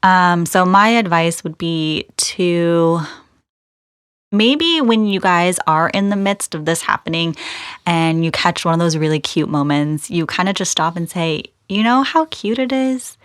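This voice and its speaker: A woman co-hosting a casual podcast, cracking puns and giving gentle relationship advice. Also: fairly low pitch, a little slow, clear, resonant tone, no room sound, clean studio sound. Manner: punning, giggly, gives gentle advice. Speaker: podcast co-host.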